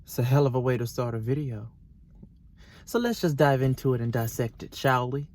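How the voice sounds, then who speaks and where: A man's voice: mid-range voice, steady tone, brisk, a little mellow. A young man hosting his own vlog, speaking boldly to the viewer in a challenging, motivational way. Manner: bold, challenging, addresses the viewer directly. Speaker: vlog host. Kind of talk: direct-to-camera motivational talk.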